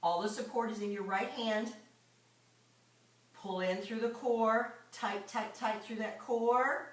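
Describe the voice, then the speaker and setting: A woman's voice: on the high side, fairly even intonation, takes it slowly. A woman fitness instructor leading a live exercise class, coaching moves and counting reps aloud. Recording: echoey room, mic far off.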